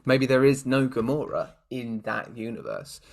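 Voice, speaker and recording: A man's voice: medium pitch, very animated, normal speed, creaky. A British man co-hosting a podcast, chatting casually and thinking aloud with lots of "kind of"s. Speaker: podcast co-host. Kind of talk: casual chat.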